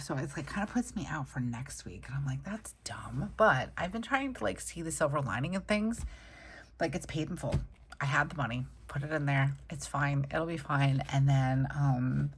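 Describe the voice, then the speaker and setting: At her home desk, a woman with a low voice chats casually to a camera set low on the desk while she sets up her weekly planner. Her plan-with-me talk is rambling and upbeat, with a little hiss or hum in the recording.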